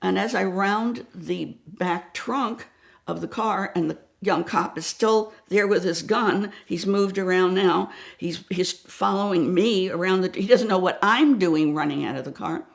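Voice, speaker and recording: Gravelly older woman telling a dramatic story. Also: mid-range voice, a little slow. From New York area. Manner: dramatic, acts out voices, drops to whispers. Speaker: guest storyteller. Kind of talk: animated anecdote telling.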